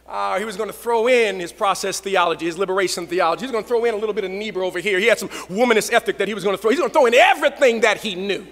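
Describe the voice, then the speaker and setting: A male pastor giving a lecture with preached storytelling in a dramatic cadence. He swings between shouting and hushed tones. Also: high voice. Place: lecture hall. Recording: reverberant lecture hall.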